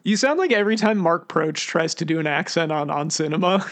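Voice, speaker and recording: Gravelly young man teasing dryly. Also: a little high, expressive, a little fast, a bit bright. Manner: dry, teasing banter. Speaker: podcast co-host. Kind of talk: casual podcast chat.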